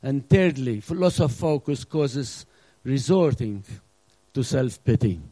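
A middle-aged male pastor preaching a sermon with earnest emphasis, now and then acting out scenes and dropping to a hush. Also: medium pitch, animated, slow pace, no room sound, rough recording. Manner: earnest preaching with acted-out asides, drops to a hush.

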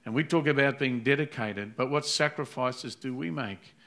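A man's voice: medium pitch, moderate pace, fairly bright tone. A man preaching an earnest sermon, retelling a Bible story and acting out its voices. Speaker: pastor.

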